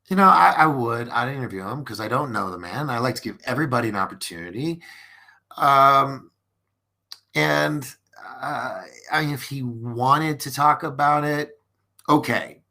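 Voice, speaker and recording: A man's voice: mid-range voice, unhurried, gravelly, pauses often, sharp tone. A man hosting a late-night live-streamed podcast, chatting casually and reading viewer comments with many restarts and fillers. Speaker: podcast host.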